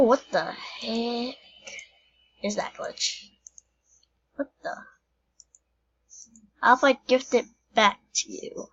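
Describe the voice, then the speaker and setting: A young woman chatting casually while playing a game, slipping into soft whispers now and then. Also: mid-range voice. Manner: chatty, quick mood swings, drops into soft whispers. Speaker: gaming channel host. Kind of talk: casual gameplay commentary. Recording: dull lo-fi mic with faint noise.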